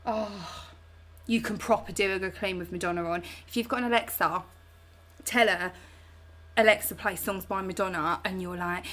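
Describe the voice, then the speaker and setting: A chatty British woman hosts a livestream from home, reading viewer comments and replying in a bubbly, slangy way. Her voice is medium in pitch and a bit bright, with a steady tone and a moderate pace.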